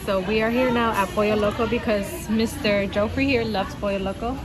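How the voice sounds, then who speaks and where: A woman's voice: mid-range voice, steady tone, fairly quick, over music. A young mother vlogging outdoors at a busy farm, talking in a cooing, sing-song way to her toddler. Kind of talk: casual family vlog chat. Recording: crowd chatter behind.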